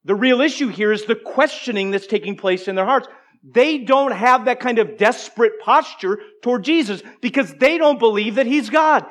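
A man preaching a sermon, moving between emphatic declarations and hushed, conversational asides to the congregation. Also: high voice. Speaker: pastor.

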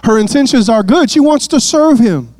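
Preacher, high-voiced man, jokey asides, dry close sound. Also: lively intonation, normal speed, darkish tone, no echo. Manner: playful asides, repeats words. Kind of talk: sermon.

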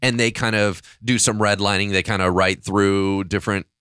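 A man's voice: fairly low pitch, steady tone, normal speed, sharp tone, clear, resonant tone, no echo, clean studio sound. A man co-hosting a podcast in a casual discussion, telling stories expressively and acting out his own reactions. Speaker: podcast co-host.

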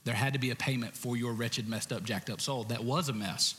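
A man preaching a sermon as pastor, conversational with jokey asides and sudden shouted bursts. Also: medium pitch, steady tone, fairly quick, in a large hall, a little hiss or hum. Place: church stage.

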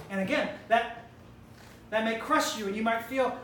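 A woman's voice: fairly high pitch, moderate pace, slight background noise. A woman preacher delivering an emphatic, rhetorical sermon in which she challenges death directly. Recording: roomy hall, distant mic, faint ambience.

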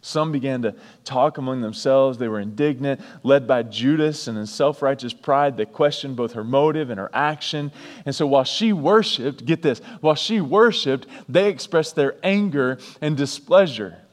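A pastor preaching a sermon, repeating key lines for emphasis and breaking off for chatty asides. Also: male voice, mid-range voice, normal speed, hardly any pauses, a little mellow, long reverb tail.

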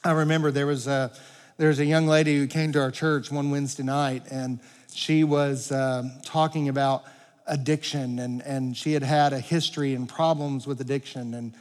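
A man preaching a sermon as pastor, earnest, swelling louder and dropping to quiet emphasis, in a church sanctuary. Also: mid-range voice, little pitch movement, normal speed. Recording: long reverb of a large hall.

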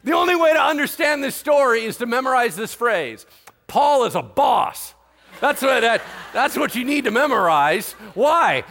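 A young man preaching a sermon, telling the story in an animated way with voices and laughter. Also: extremely high pitch, moderate pace. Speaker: pastor.

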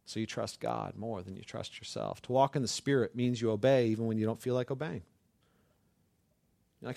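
A middle-aged male pastor preaching a sermon with passion, building to near-shouts and often restarting his sentences. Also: medium pitch, steady tone, a little fast, creaky, no room sound, studio quality.

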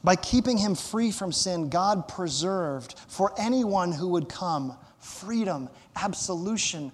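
A man's voice: high-pitched, lively intonation, takes it slowly, hardly any pauses. A man preaching a sermon as pastor, emphatic, repeating phrases for stress and asking the congregation to fill in words. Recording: long hall reverb.

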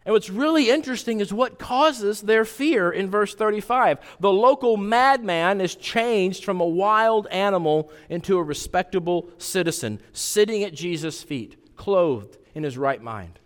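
A man preaching a sermon as pastor, animated, swinging from loud emphatic peaks to hushed intense asides. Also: sits high, measured pace, few pauses, in a large hall.

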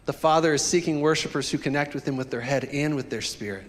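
Animated joking pastor, man. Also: fairly high pitch, quick pace, few pauses, in a large hall. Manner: animated, joking, talks directly to the congregation. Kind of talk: sermon.

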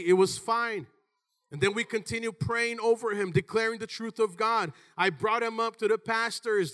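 High, bright-voiced animated male preacher. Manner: animated, shouts in bursts, calls out "Amen?" to the congregation. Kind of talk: sermon.

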